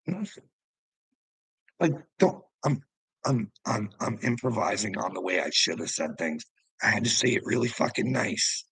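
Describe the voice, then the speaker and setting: A man's voice: lowish voice, expressive, normal speed, gravelly, fairly bright tone, husky, no echo, rough recording. A middle-aged man delivering an agitated, profane vlog rant. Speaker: vlogger. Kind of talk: ranting vlog monologue.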